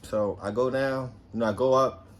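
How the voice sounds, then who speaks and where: With a mid-range voice at normal speed, a young New Jersey man animatedly recounts a personal story, cursing freely and raising his voice to act out quotes. A little hiss or hum is audible.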